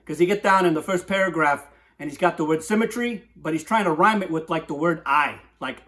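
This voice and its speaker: A man's voice: a little high, a little fast, a bit bright. A man hosting a comic poetry talk in a rambling, digressive monologue, constantly asking "right?".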